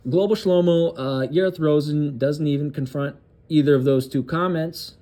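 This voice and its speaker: A man runs a political commentary channel, and here he reads out a news article, stumbling through restarts and tossing in crude, sarcastic asides. His pitch is fairly high and his tone dark.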